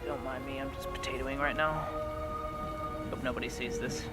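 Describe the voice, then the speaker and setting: A man's voice: mid-range voice, level tone, moderate pace, over loud music, rough recording. Laid-back joking male streamer. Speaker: streamer playing a roleplay game. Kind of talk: casual chat between roleplay scenes.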